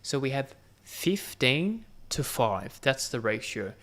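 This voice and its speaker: A man's voice: mid-range voice, very animated, slow pace, fairly bright tone. A man giving gameplay commentary, thinking aloud and muttering counts to himself as he plays. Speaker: gaming channel host.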